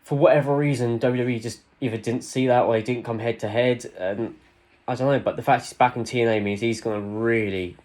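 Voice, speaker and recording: A man co-hosting a casual podcast, talking in an excitable, rambling way with plenty of fillers. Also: mid-range voice, fairly quick. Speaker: podcast co-host. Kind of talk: casual wrestling podcast chat.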